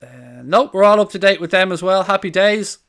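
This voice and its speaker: A man hosts a live football watchalong stream. His voice sits high, bright and clear. He talks excitably, swearing freely and shouting over the big moments. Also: a little fast. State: out of breath. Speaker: watchalong host.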